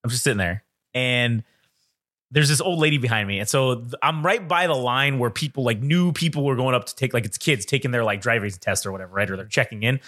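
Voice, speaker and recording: With medium pitch and a brisk delivery, a young man co-hosts a casual podcast. He narrates stories energetically, imitating the voices of those in them.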